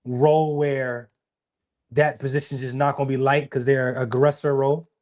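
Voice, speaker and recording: A man's voice: medium pitch, little pitch movement, moderate pace, darkish tone. A young man, co-hosting a podcast in casual, emphatic conversation and often repeating himself. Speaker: podcast co-host.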